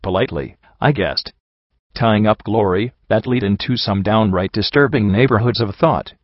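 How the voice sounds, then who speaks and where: A man reading a fan fiction story aloud with steady storytelling, on a dull, dry recording. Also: fairly low pitch, normal speed, no echo. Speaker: audiobook narrator.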